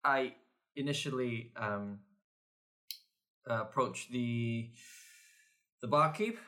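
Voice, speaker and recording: Man, tabletop player, casual, easygoing, mid-pitched voice. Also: takes it slowly, sharp tone. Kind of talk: casual tabletop game chat.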